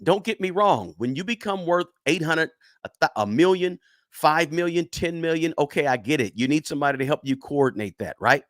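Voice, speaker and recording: A man talking money straight to his viewers, hammering points home by repeating words and tossing in "right?" again and again. His voice is fairly high and swings widely in pitch. The sound is close and dry, with no room echo. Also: lively intonation, brisk, fairly bright tone. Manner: emphatic, repeats words for stress, frequent "right?". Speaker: personal finance YouTuber. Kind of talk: casual talk to camera.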